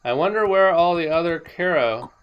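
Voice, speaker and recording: A woman talking casually over her own gameplay footage, excitable and rambling, laughing often. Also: on the low side, normal speed, clean tone, highs cut off. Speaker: gaming video creator.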